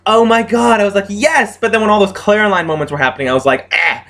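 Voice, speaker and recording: A man's voice: high-pitched, animated, racing, a bit bright. A young man giving a casual, exasperated rant reviewing a TV episode, swearing freely and exclaiming often. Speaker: TV show reviewer.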